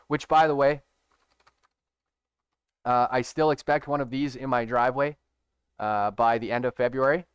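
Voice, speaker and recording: A man's voice: mid-range voice, moderate pace, long pauses, smooth, dry recording, studio quality. A man giving a casual screen-share trading tutorial, emphatic and profane, who keeps checking in with his viewers. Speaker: stock trading educator.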